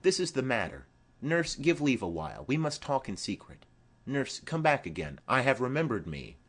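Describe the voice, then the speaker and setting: A man's voice: medium pitch, very animated, normal speed, fairly bright tone, breathy edge. A man reading a stately noble mother. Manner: formal, persuasive. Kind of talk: audiobook play reading.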